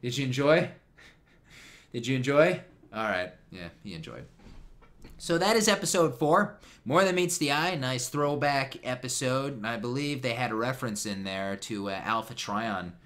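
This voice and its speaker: A man's voice: lowish voice, sharp tone. A man giving a casual, jokey commentary on a TV episode, rambling with fillers and asides. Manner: chatty, jokey, trails off with fillers. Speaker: YouTube commentator.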